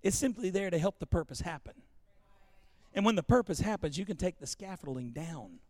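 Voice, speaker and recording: Pastor guy, real high voice, joking around mid-sermon, dry close sound. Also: fairly quick, no echo. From Louisiana. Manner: joking, animated preaching with call-and-response.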